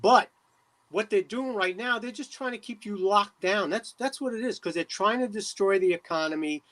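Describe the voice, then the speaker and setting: A middle-aged man from New Jersey, a mayor as a talk show guest, speaking emphatically with many pauses and fillers. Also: high voice, fairly bright tone. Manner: emphatic, preachy, trailing off with many uh's. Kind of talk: casual interview talk.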